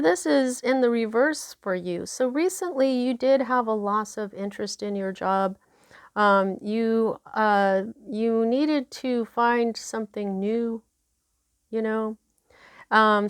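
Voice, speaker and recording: A woman's voice: on the high side, smooth, no room sound, studio quality. A woman giving a casual, chatty tarot reading with many fillers and asides. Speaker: tarot reader.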